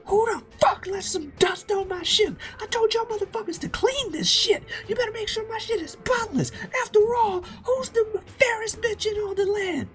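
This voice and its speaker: Man doing a shrill vain pirate queen. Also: moderate pace, hardly any pauses, soft background music. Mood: bossy. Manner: shrill falsetto, yelling and cursing. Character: loud vain pirate captain woman, bossy, foul-mouthed.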